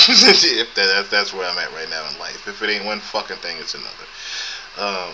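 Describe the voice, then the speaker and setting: A man's voice: deep voice, big pitch swings, normal speed, background noise. A man in his thirties with a thin voice, hosting a live podcast in a casual, laid-back, profane way and chuckling often, recorded on a camera's built-in mic. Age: 30s. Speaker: podcast host. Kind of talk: casual live-stream chat.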